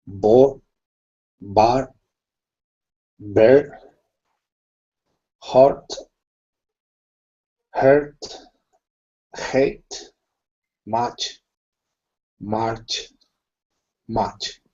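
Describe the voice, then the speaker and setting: A male student slowly and carefully reading a word list aloud in an online class. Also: mid-range voice, mellow, muffled recording. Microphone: video call.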